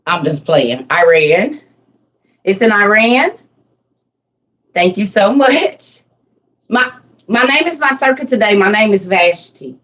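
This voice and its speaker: A woman's voice: mid-range voice, animated, takes it slowly, long pauses, a bit bright, recorded from a distance. A woman in her forties giving a casual Bible lesson, playful and constantly quizzing her listeners. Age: 40s. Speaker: Bible teacher.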